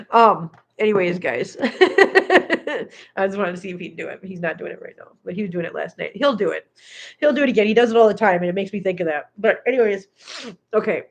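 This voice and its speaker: A woman's voice: expressive, a little fast. Chatty woman vlogger talking with her cats. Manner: chatty, coos at her cats in a high baby voice. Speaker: cat channel host. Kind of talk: casual live-stream chat. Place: home, on a couch.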